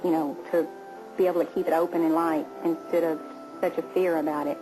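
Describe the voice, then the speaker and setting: A Texan woman recalls a rescue in a plain, even voice. Her pitch stays low and level. Music plays underneath. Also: fairly quick, poor audio. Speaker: rescuer, boy's aunt. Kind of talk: documentary interview.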